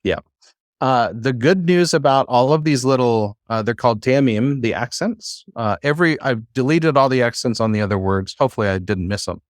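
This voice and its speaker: A man teaching a class, talking in a relaxed, halting way with many fillers and restarts. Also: medium pitch, no echo, studio quality. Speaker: Bible Hebrew teacher.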